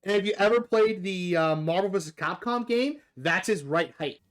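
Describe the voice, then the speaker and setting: Excitable, cursing man hosting a gaming chat. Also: high-pitched, moderate pace. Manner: excitable, swears freely, talks over the guest. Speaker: podcast host.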